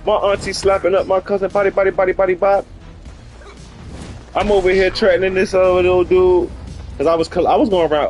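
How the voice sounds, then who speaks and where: A man tells a comic story on his live stream, swinging from loud bursts to mumbled asides. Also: high voice, steady tone, quick pace, soft background music. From New York.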